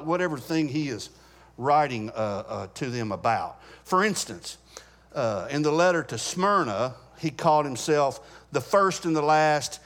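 Man teaching a Bible class, slightly high voice. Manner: conversational, asks class questions, frequent restarts.

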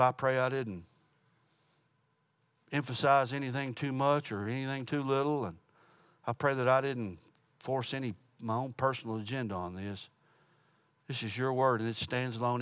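A man's voice: mid-range voice, a bit bright, clean tone, no room sound. A man teaching a Bible study, telling a story and closing in prayer, earnest and plain-spoken with small restarts. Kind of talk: sermon with storytelling.

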